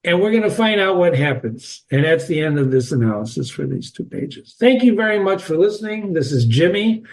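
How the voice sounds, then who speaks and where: A man's voice: fairly high pitch, sing-song, a little fast. A man giving a reading lesson on a novel, talking straight to his listeners in a chatty, emphatic way. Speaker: literature teacher.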